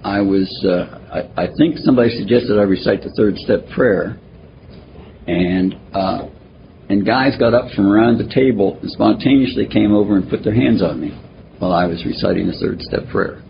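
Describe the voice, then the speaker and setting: Gravelly older man with halting speech. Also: lowish voice. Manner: halting, self-deprecating, with frequent pauses and fillers. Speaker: speaker at a recovery meeting. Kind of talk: personal testimony at a twelve-step meeting. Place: meeting room. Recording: muffled recording with faint hiss.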